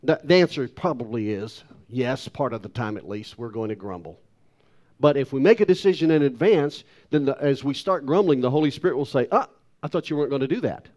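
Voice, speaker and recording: A man's voice: medium pitch, a little fast, a little mellow, lo-fi sound. A male pastor giving a sermon, talking emphatically and putting rhetorical questions to the congregation.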